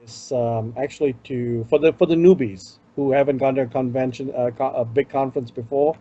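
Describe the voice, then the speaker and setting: Chatty Indian-accented man, mellow voice. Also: medium pitch, fairly even intonation, brisk, highs cut off. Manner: chatty, fills with "you know". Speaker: podcast co-host. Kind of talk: casual chat.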